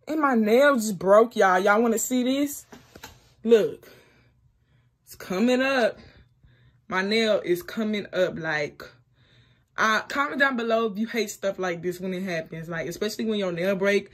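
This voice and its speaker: A young woman vlogging casually to camera, excitable and slangy, often exclaiming in frustration. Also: mid-range voice, measured pace. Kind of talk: casual prank vlog talk to camera.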